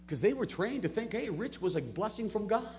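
A man preaching a sermon, moving between soft, low asides and loud, emphatic peaks. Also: sing-song, a little fast, a little hiss or hum. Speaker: pastor.

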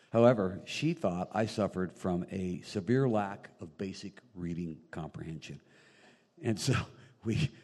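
A man preaching a sermon in a small room, animated and quoting scripture, joking now and then with the congregation. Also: low voice, breathy edge, big-room sound. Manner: animated, rising loud on emphasis, quoting scripture; jokey asides to the congregation. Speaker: pastor. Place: small room with long reverb.

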